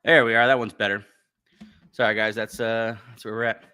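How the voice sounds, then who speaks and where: Chatty bright-voiced male podcast host. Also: on the low side, level tone, a little fast, clean tone. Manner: rambling, chatty, with frequent fillers and restarts. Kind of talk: casual livestream chat.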